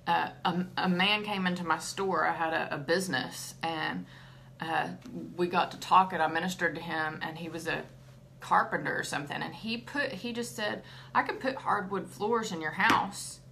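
Chatty middle-aged woman, bright voice. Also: fairly low pitch, moderate pace, vocal fry, a little hiss or hum. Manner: chatty, warm, laughs often. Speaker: ministry host. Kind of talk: casual devotional talk.

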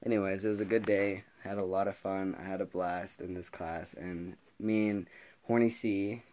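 A man's voice: low voice, moderate pace. Rambling teenage guy telling school stories. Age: teens. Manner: rambling, laughing, animated retelling. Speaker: vlogger. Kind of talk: casual storytelling vlog.

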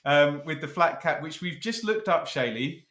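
A man hosting a casual chat, teasing his co-host in a playful, brisk way. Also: on the high side, lively intonation, a bit bright, reverberant. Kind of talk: casual chat ranking football kits.

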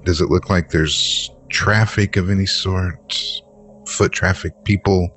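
A man's voice: low-pitched, steady tone, unhurried, fairly bright tone, faint music behind. A man playing his character in a horror tabletop game, blunt and impatient. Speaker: player.

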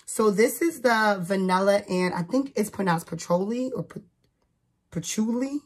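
A woman's voice: mid-range voice, animated, normal speed. A young woman from New Jersey, a teacher, chatting casually to camera about the gifts she bought, with lots of "like" and "um" fillers. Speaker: vlogger.

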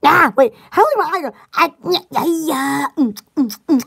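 Very high-pitched, giggly rambling woman. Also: animated, a little slow, gravelly. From Alabama, US. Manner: rambling and giggly, with many restarts and exclamations. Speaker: vlogger chatting to viewers. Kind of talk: casual chat.

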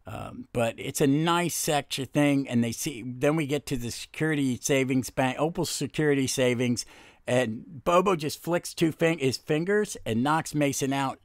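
A man with a mid-range voice hosts a comic book podcast, chatting casually at normal speed and rambling with lots of fillers and restarts. The studio-quality recording has no room sound.

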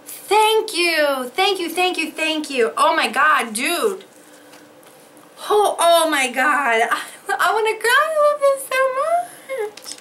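High, lively woman unboxing fan mail. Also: takes it slowly, slight background noise, poor audio. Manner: gushing, gasping and exclaiming, laughs often. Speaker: vlogger opening fan mail. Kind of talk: casual unboxing chat. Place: home craft studio.

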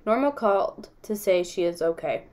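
Lady voicing a tired dad trying to calm things down, slow and even. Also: medium pitch, close to an everyday voice. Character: weary, patient father calming his daughter.

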